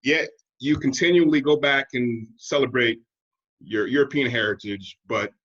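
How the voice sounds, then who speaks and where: A man's voice: medium pitch, moderate pace, fairly bright tone, highs cut off. An American man co-hosting a podcast, talking in a reflective, wry way and acting out other people in a raised voice. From United States. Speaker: podcast co-host. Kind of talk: casual conversation.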